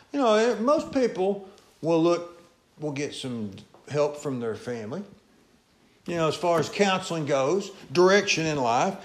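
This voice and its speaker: A male pastor preaching a folksy sermon, swinging between loud calls and low asides. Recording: echoey church room.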